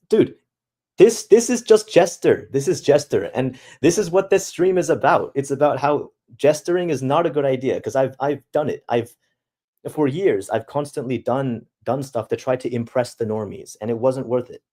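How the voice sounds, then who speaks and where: A man's voice: medium pitch, a little mellow. A young man streaming live, talking casually and reading out chat in a laid-back, slangy way full of dude and bro.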